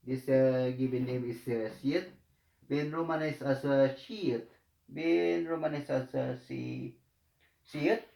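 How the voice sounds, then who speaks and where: A man teaching a language lesson in a slow, halting way, with many fillers and repeated words. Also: mid-range voice, vocal fry, warm tone. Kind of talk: slow hesitant tutorial explanation. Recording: echoey room.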